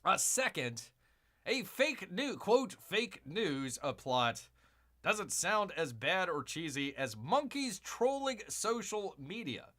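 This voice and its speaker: A man's voice: sits high, very animated, slow, pushed and bright. A man hosting a live stream, reading news aloud and breaking off into sarcastic, mocking asides, rambling with many fillers. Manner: rambling with frequent fillers and restarts.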